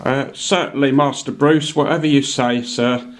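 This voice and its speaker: A man voicing an elderly butler who is deadpan and hard of hearing. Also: medium pitch, moderate pace, close to an everyday voice.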